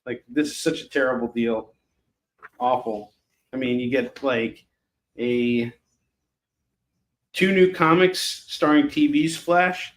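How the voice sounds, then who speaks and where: A man hosting a live shopping stream, selling comics in a casual, chatty pitch, with sarcastic jokes and lots of fillers. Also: slow pace, pauses often.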